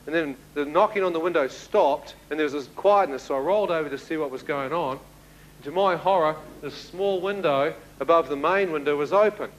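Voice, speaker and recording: A man's voice: a little high, highs cut off. Man telling a tense story. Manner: vivid, fast-moving retelling with sudden shouts and chuckles. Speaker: speaker giving a testimony. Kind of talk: dramatic storytelling to an audience.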